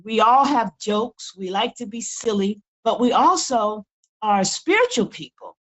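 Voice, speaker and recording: A woman's voice: mid-range voice, animated, a little slow, poor audio. An older woman, a guest in a casual interview, talking earnestly and often repeating words as she builds her point. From United States. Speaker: guest author.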